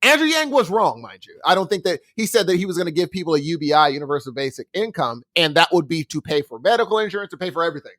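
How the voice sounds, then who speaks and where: A man's voice: on the high side, rapid-fire, hardly any pauses, no echo. A man on a podcast in casual discussion, talking emphatically and animatedly, often repeating himself for stress.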